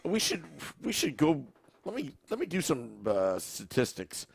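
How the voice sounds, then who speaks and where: Gravelly man with a wry, relaxed delivery. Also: fairly high pitch, a little slow, no echo. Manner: relaxed and wry, with frequent fillers. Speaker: podcast co-host. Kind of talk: casual hockey podcast chat.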